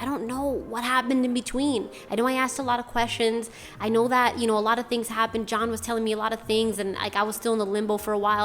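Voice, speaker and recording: A woman's voice: on the high side, fairly bright tone. A young woman from Boston telling her personal story to her channel in a casual, rambling way, full of "like" and other fillers. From Boston, USA. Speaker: channel host. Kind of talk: personal testimony vlog.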